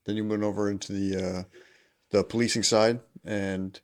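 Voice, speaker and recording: A man's voice: fairly low pitch, flat delivery, normal speed. A man hosting a casual interview, mostly giving short backchannel replies and asking follow-up questions. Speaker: podcast host.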